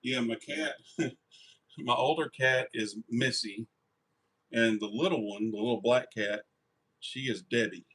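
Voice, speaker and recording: A man's voice: medium pitch, unhurried, long pauses, husky, low-quality recording. A man hosting a live stream from his workshop, chatting casually and rambling easily with viewers. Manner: easygoing, rambling, warm toward family.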